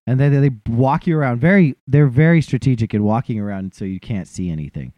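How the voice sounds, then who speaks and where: A man's voice: mid-range voice, fairly quick, dry recording, muffled recording. A man telling a funny, self-deprecating story in a casual chat and acting out what other people said.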